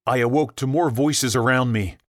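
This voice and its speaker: A man reading a horror story aloud as narrator, emotive and shifting between tense and hushed tones. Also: medium pitch, moderate pace, dry recording. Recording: music bed under the voice. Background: background music.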